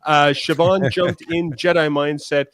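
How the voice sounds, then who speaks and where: A man co-hosting a casual podcast, reading out chat shout-outs in a jokey, rambling way with fillers. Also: fairly high pitch, fairly even intonation, measured pace. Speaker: podcast co-host.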